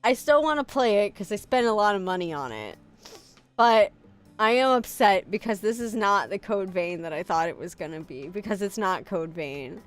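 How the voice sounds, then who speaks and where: Lively, animated woman streamer. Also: medium pitch, normal speed, faint music behind. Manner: animated, swearing, self-mocking, reads chat aloud. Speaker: VTuber streamer. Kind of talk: casual live-stream chat.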